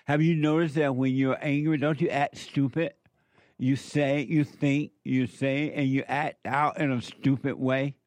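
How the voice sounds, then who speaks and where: A man's voice: medium pitch, steady tone, a little slow, darkish tone, no echo. A man preaching a sermon, emphatic and repetitive as he addresses a live audience.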